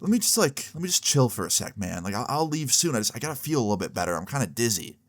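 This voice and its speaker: A man voicing a dazed, drowsy young male intruder who pleads softly and drifts off as he talks. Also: medium pitch, very animated, quick pace.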